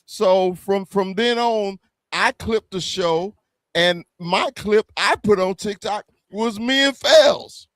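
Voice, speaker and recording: A man from the American South with a Southern accent, a guest bantering on a fan podcast, animated, stammering and swearing. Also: high-pitched, takes it slowly, dry recording. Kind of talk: heated casual banter.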